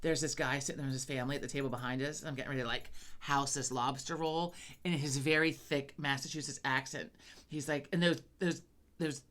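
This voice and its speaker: A woman with a low, bright, forceful voice tells a neighbor story in casual podcast chat. She is animated and swears a lot as she talks. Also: quick pace. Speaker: podcast co-host.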